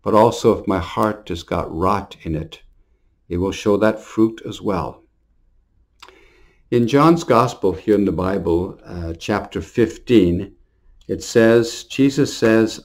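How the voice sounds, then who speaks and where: Earnest priest with a low voice. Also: male voice, slow pace. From Montreal. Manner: earnest, storytelling, repeats words. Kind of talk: short New Year homily.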